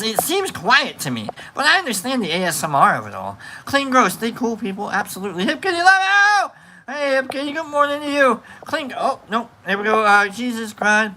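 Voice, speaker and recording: A man hosts a casual livestream with a bright, sharp-edged voice, reading out and answering viewer comments in a playful, rambling way. He restarts sentences often and fills the gaps with "uh" and "um." A faint background noise sits under his voice. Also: high-pitched, poor audio. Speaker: livestream host.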